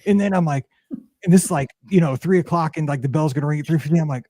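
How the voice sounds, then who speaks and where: Chatty man with a bright, dry voice. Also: fairly high pitch, fast, no echo. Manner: rambling storyteller with many fillers, animated. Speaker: podcast host. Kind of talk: casual podcast chat.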